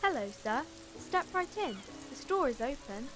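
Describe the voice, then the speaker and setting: A woman's voice: sits high, big pitch swings, unhurried, background noise, voice pushed up. A woman voicing a cheerful, polite little girl who helps at her mother's shop, reading her game lines aloud in an eager, chirpy way. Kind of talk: game dialogue read aloud.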